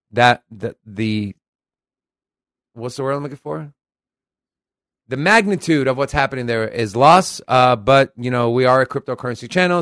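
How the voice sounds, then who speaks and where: Brash and profane, a man co-hosting a casual crypto podcast reads news articles aloud and comments on them, becoming animated when quoting. His voice has a medium pitch, and the studio-quality recording has no echo.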